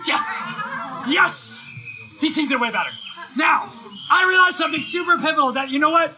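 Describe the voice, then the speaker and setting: High-voiced, very bright male preacher, excitable live storyteller. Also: a little fast, slight background noise, rough recording. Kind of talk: energetic live sermon with storytelling. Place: live event, outdoors or hall.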